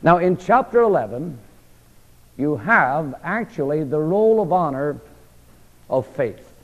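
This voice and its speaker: A man's voice: on the high side, sing-song, takes it slowly. A man teaching a Bible study as a sermon. He poses questions to his listeners, answers them himself, and repeats key phrases with a falling, emphatic finish. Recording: lo-fi recording with long hall reverb.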